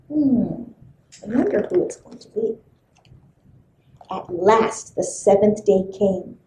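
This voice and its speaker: A woman librarian reading a folk tale aloud to children, expressive and full of sound effects. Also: fairly high pitch, roomy sound, rough recording. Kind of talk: storybook read-aloud for children.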